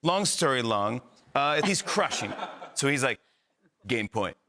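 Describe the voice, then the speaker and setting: A man with a medium-pitched voice speaks a little slowly as a guest in a TV studio. He's an animated storyteller, sharing a funny anecdote on the talk show and performing each line of dialogue.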